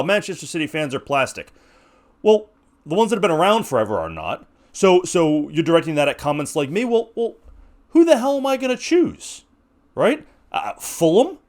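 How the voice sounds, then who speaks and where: An American man in his forties, hosting a podcast and making an impassioned, rhetorical argument with frequent restarts. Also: a little high. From United States. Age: 40s. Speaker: podcast host. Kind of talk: opinionated monologue.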